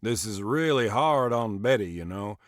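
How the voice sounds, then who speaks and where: A man reading a first-person audiobook in a measured, expressive way. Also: fairly low pitch, no echo, clean studio sound. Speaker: audiobook narrator.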